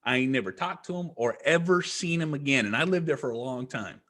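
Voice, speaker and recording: A man's voice: medium pitch, animated, brisk, a bit bright. A man, a podcast guest, tells a rambling story in casual chat, swearing constantly and hammering his points. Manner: profane, rambling, emphatic.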